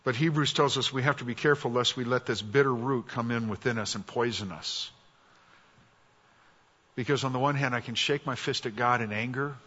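A man preaching a sermon as a guest speaker. He talks in a conversational, wry way and drops soft and low for quoted prayers. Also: breathy edge. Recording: dull, echoey church hall.

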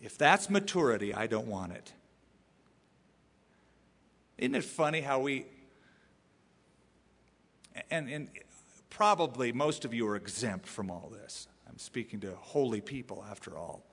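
A male pastor preaching a sermon, playful and animated, often acting out the voices of the people he quotes. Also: mid-range voice, a little slow, pauses often, breathy edge, in a large hall.

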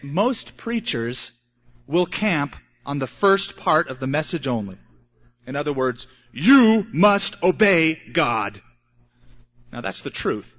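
A man preaching a sermon as pastor, emphatic and repetitive, with dramatic pauses. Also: a little high, a bit bright. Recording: dull lo-fi sermon recording.

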